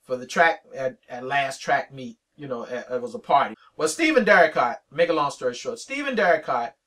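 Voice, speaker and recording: A man's voice: mid-range voice, a little fast, recorded from a distance. A man, a veteran radio DJ telling stories in an interview, acting out old conversations as he goes. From Richmond, Virginia. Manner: animated storyteller acting out both sides of old conversations. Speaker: veteran hip-hop radio DJ, interview guest. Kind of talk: storytelling in a sit-down interview.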